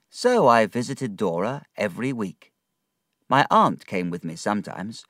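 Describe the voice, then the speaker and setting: A man narrating a storybook in a slow, expressive read. His voice rises and falls a great deal. The recording is close and dry. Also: fairly low pitch, no room sound.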